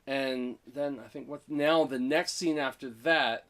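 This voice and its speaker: Man co-host recapping a movie in casual chat, excited, mid-pitched, breaks into quick character voices. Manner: excited retelling, acting out lines with quick voice switches.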